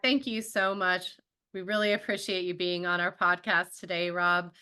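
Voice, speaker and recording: A woman's voice: lowish voice, level tone, normal speed, pushed and bright, clean tone. A woman hosting a podcast interview in a friendly, affirming way. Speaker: podcast host.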